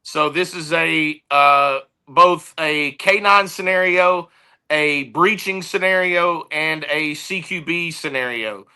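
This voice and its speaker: A man who heads a security firm, telling stories in an easygoing, energetic way during a casual podcast interview. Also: on the high side, takes it slowly, clear, resonant tone, low-quality recording.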